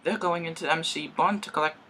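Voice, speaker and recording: Rheneas, a man doing an eager, loud steam engine. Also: a little high, brisk, slight background noise, pitched above the performer's own voice, poor audio. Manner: excitable, boastful.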